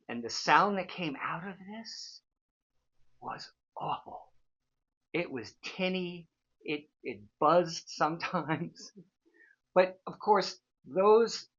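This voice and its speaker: A man's voice: a little high, a bit bright, lo-fi sound. A man in his sixties, a show host telling a casual, rambling story full of fillers. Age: 60s. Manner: chatty, rambling, frequent fillers.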